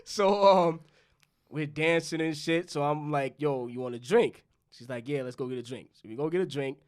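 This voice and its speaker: A man's voice: a little high, moderate pace, clear, resonant tone. A young man from New York, a podcast co-host, telling a loose, profane story in casual chat and acting out both sides of the dialogue. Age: young adult.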